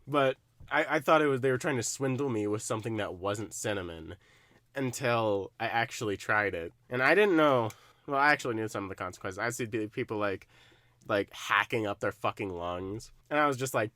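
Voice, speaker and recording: A young man co-hosting a podcast, telling stories in a casual chat, animated, often laughing and swearing. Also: mid-range voice, brisk, no room sound. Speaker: podcast co-host.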